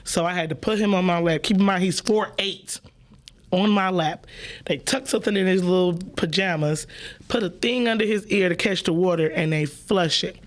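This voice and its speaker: Speaking at a normal speed in a fairly low pitch, a female podcast host spins animated stories in casual chat. Her delivery is loose, playful, and profane.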